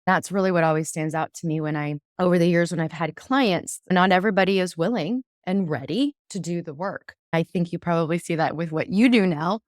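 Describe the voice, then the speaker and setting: A woman's voice: fairly low pitch, brisk, hardly any pauses, no room sound, studio quality. A woman hosting a podcast as a divorce coach, effusive and heartfelt, saying "amazing" a lot and getting choked up at times. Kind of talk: emotional podcast interview.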